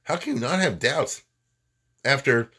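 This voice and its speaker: A man's voice: mid-range voice, animated, measured pace, pushed and bright, breathy edge. A man giving an informal lecture, talking in a conversational way with rhetorical questions and many fillers. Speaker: lecturer on Jewish history and thought.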